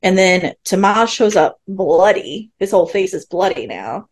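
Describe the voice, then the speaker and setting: This woman co-hosting a podcast has a mid-range, very animated voice that's a little mellow and husky, delivered at a measured pace. She casually recaps a TV episode, acting out quotes and laughing frequently.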